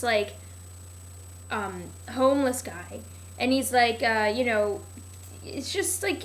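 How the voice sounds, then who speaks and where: A woman's voice: fairly high pitch, fairly bright tone, a little hiss or hum. A young woman vlogging a casual, rambling recap of a TV show, sarcastic and full of "like", often losing her place.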